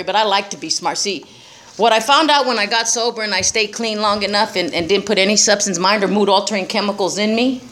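A woman's voice: mid-range voice, a bit bright. Profane, laughing middle-aged woman speaker. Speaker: recovery speaker. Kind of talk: blunt personal talk to a group.

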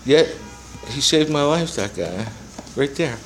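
A man's voice: medium pitch, lively intonation, takes it slowly, faint music behind, poor audio. A man in his seventies giving a personal testimony to a recovery meeting, rambling through his story with profanity and self-mocking humor. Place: meeting room with a small audience.

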